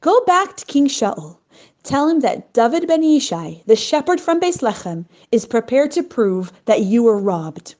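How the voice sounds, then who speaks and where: An earnest young shepherd boy speaks in a raised, lively voice, as a woman reading a storybook puts him on. He sounds eager and encouraging. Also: on the high side, unhurried. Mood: confident.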